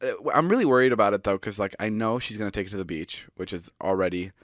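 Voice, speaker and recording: A man's voice: on the low side, fast, no room sound, clean studio sound. A young man in his twenties co-hosting a podcast, rambling through stories with frequent laughs and casual swearing. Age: 20s. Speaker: podcast co-host. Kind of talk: casual chat.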